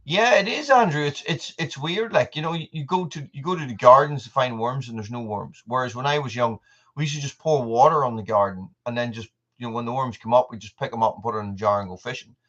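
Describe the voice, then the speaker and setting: Irish male host, mid-pitched, rambly live chat with viewers, slightly dull lo-fi sound. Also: fast, fairly bright tone. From Ireland. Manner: rambling, answers viewer comments by name. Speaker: channel host. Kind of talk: casual livestream chat.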